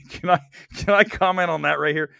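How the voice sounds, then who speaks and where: A man hosting a casual movie live stream, joking loudly and ranting in excitable bursts. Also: fairly high pitch, moderate pace, vocal fry, clear, resonant tone, no room sound, clean studio sound. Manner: loud, excitable, jokey rants. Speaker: host. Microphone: desk mic.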